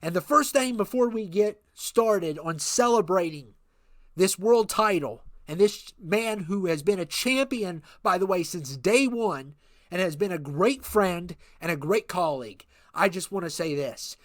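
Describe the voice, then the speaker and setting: A man playing a boastful male wrestling manager who cuts a loud, pompous, taunting promo. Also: sits high, animated, unhurried, no room sound. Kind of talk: wrestling promo role-play.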